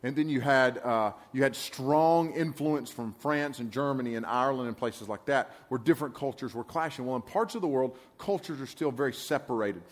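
A middle-aged man speaks to a youth camp in an easygoing, conversational preaching style. His voice sits at an ordinary male pitch. He wanders from point to point and keeps checking in with his listeners. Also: normal speed, few pauses. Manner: rambling and folksy, often checking in with listeners. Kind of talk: conversational sermon to a youth group.

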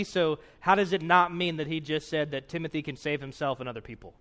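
A man delivers a sermon in a relaxed, conversational way, with a voice sitting a bit higher than most men's. He keeps checking in with his listeners and leans into the scripture he reads aloud, lifting his emphasis as he goes. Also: fairly quick, hardly any pauses. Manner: earnest, conversational, frequent "right?" asides. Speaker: preacher.

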